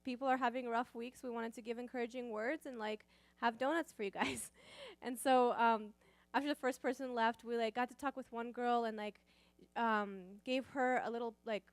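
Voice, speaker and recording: Young college woman, slightly high voice, casual filler-heavy testimony, dry close sound. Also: fairly even intonation, normal speed, dry recording. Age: young adult. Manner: casual, rambling, lots of "like" and "um". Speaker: college student sharing testimony. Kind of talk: church testimony.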